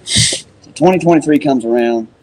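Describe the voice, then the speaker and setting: A man's voice: medium pitch, moderate pace, rough recording. A man, a rodeo announcer, telling stories in a casual interview and acting out the dialogue he quotes. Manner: animated storyteller who acts out quoted dialogue. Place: museum.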